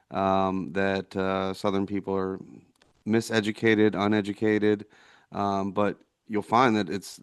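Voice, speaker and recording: A man co-hosting a casual discussion podcast, speaking haltingly with many fillers and restarts. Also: on the low side, smooth, no room sound, studio quality. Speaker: podcast co-host.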